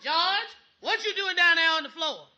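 A woman's voice: extremely high pitch, lively intonation, moderate pace, dull audio. A woman playing a cranky, sly, bedridden old mother-in-law in a radio comedy, tart-tongued and speaking in broken grammar. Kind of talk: 1940s radio comedy acting. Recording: hissy old radio recording.

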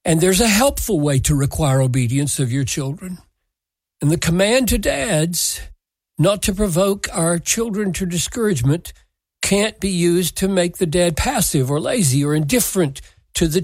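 A Bible teacher answering a listener's question in measured scriptural teaching, deliberate and emphatic, quoting scripture word for word. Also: mid-range voice, expressive, darkish tone, no room sound.

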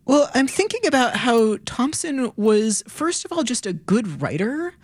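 A woman's voice: a little high, big pitch swings, measured pace, no room sound, clean studio sound. A woman co-hosting a public radio talk show, thoughtful and enthusiastic.

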